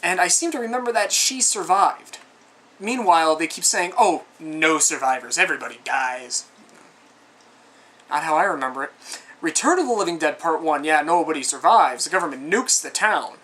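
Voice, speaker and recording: This male movie reviewer talks on the high side, animated and fairly quick, with a fairly bright tone. His casual film review rambles conversationally, full of asides, and comes across exasperated and sarcastic.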